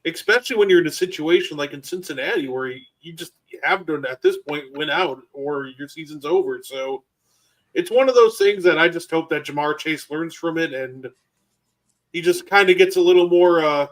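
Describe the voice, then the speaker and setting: Man, higher voice, earnest and measured sports take. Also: low-quality recording. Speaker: podcast panelist. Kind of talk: casual sports talk.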